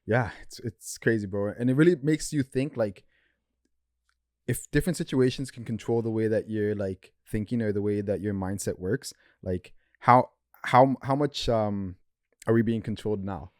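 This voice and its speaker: A man's voice: lowish voice, normal speed, darkish tone, dry recording, studio quality. A young man co-hosting a podcast, musing aloud in a casual, slang-filled way. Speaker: podcast co-host. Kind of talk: casual chat.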